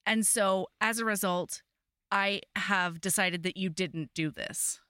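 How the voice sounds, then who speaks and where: A woman's voice: medium pitch, slow pace, sharp tone, smooth, no room sound, studio quality. A woman voicing a blunt, earnest grown man from a romance novel, talking in a matter-of-fact, reasoning way.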